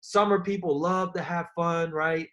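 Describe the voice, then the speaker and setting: A man hosting a sales training call, energetic and coach-like, talking straight to his team. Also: on the high side, measured pace. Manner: energetic, coach-like, talks to listeners as guys.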